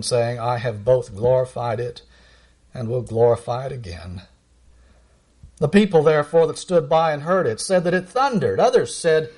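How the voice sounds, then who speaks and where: A middle-aged man preaching a sermon, reading verses aloud with emphatic, rising delivery and slowing down on key lines. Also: a little mellow. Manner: emphatic, rises high when reading verses and slows down.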